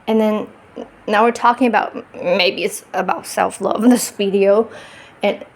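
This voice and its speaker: A woman's voice: medium pitch, fairly even intonation, unhurried. A woman with a non-native English accent, sitting on her bed and talking to her phone in a reflective self-help monologue, often restarting and laughing at herself. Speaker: spiritual vlogger.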